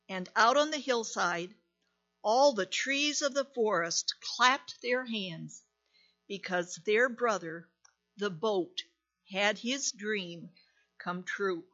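A woman reading a story aloud in a gentle, deliberate manner with dramatic pauses. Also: mid-range voice, highs cut off.

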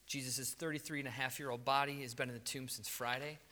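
A man preaching a sermon in a lively, conversational storytelling way. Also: mid-range voice, quick pace, slight background noise. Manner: animated, conversational storytelling with acted quotes. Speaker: pastor.

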